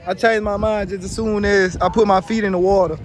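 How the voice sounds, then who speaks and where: A man's voice: high-pitched, flat delivery, brisk. A man in his twenties casually vlogging outdoors by the water, playful and joking. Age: 20s. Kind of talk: casual vlog chat. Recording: loud music playing.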